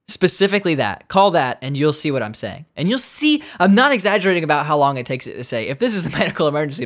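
A comedian delivering an exasperated, profane comedic rant, talking casually and sarcastically to listeners. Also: medium pitch.

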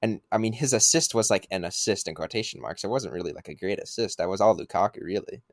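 A man's voice: sits low, quick pace, no room sound, clean studio sound. A young man co-hosting a casual podcast, skeptical and sarcastic in his reactions. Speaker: podcast co-host.

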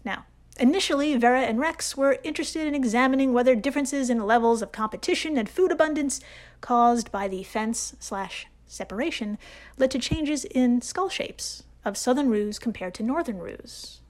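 An American woman hosting a science podcast, reading her script playfully with sarcastic jokes and sudden hushed asides. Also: a little high, moderate pace. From United States. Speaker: podcast host.

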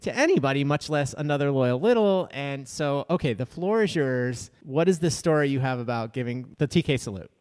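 A man's voice: mid-range voice, expressive, a little fast, few pauses, darkish tone. A man co-hosting a podcast, telling a long story in casual chat, rambling with restarts and acting out quotes. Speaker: podcast co-host.

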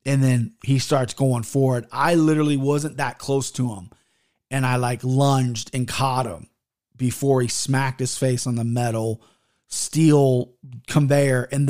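A man's voice: medium pitch, darkish tone. Rambling, profane man hosting a podcast. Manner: loose, profane, rambling with frequent restarts. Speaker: podcast host. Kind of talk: casual rambling podcast storytelling.

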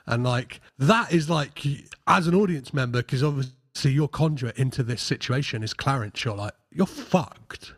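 A man's voice: mid-range voice, normal speed, hardly any pauses, a bit bright, husky, dry recording. A man co-hosting a casual film podcast, hesitant and full of restarts as he works through his thoughts. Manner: hesitant, many restarts and fillers. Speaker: podcast co-host.

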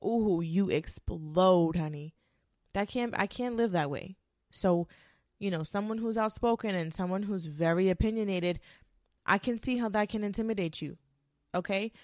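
A woman's voice: lowish voice, no room sound, clean studio sound. A woman talking straight to camera in a blunt, profane, emphatic rant about speaking her mind.

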